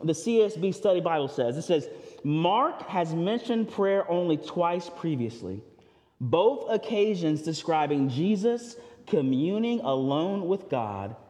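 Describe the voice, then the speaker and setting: Animated male preacher in a reverberant hall. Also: a little high, a little slow. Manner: casual, conversational preaching with slang; animated, swings from loud to quiet. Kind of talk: sermon.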